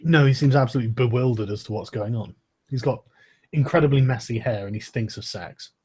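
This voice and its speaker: A man's voice: mid-range voice, fairly quick, a little mellow, slightly rough. A man narrating as game master in a casual tabletop session, swearing freely.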